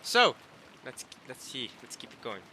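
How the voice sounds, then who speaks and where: A video game streamer with a medium-pitched voice speaks a little slowly, cracking jokes in casual let's-play commentary on a visual novel. He's animated and keeps interrupting, repeating, and correcting himself. The rough recording carries some hiss or hum.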